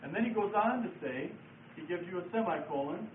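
A man's voice: high voice, lively intonation, a little fast. Patient man lecturing in an echoey room. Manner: patient, explanatory, repeats key words. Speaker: Bible study teacher. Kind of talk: classroom lecture with board writing. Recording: echoey room from far off, phone-like lo-fi sound, faint hiss.

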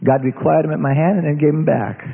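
A middle-aged man preaching a testimony sermon, earnest storytelling that drops low and hushed at tense moments. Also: fairly even intonation, quick pace, gravelly. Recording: tinny lo-fi recording in a reverberant hall.

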